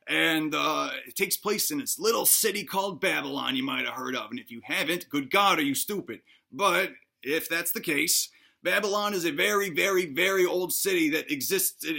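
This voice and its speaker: Bright, gravelly man telling history irreverently. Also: a little high. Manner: profane, irreverent, mocking the listener; voices the historical figures in quick asides. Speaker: history storyteller. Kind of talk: casual comedic history retelling.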